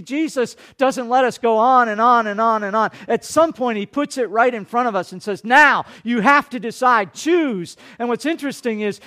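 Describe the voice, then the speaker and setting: A male pastor preaching a sermon, dropping to hushed tones and rising to loud, dramatic peaks. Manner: dynamic, swinging from hushed to booming.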